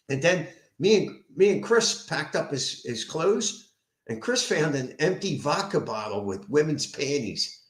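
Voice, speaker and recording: A man with a Philadelphia accent, a sober house manager, telling a story at home in an animated, profane way. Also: a little high, measured pace. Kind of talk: casual venting monologue. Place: indoors at home. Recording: roomy echo.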